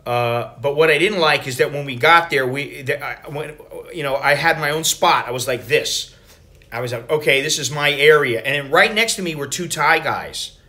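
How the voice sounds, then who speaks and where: A man's voice: fairly high pitch, normal speed. A middle-aged American man talking casually in a travel vlog, rambling and profane as he tells stories. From United States. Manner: rambling, profane, animated storytelling. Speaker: travel vlogger.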